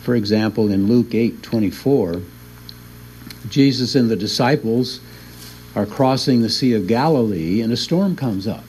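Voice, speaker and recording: A man's voice: mid-range voice, lively intonation, unhurried, darkish tone, slight background noise, rough recording. A man teaching a Bible class in an easygoing lecture, often chuckling as he explains.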